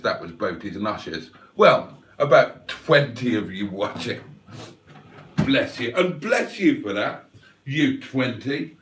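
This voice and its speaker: A man's voice: mid-range voice, fairly bright tone, distant mic. A man hosting a livestream and reading out chat in a playful, wry, mock-theatrical way. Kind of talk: casual chat.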